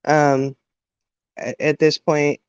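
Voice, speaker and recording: A middle-aged woman telling an emotional personal story, halting, with many restarts and fillers. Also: deep voice, level tone, clean tone, no room sound. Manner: halting, full of "you know" and restarts. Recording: dull, dry sound.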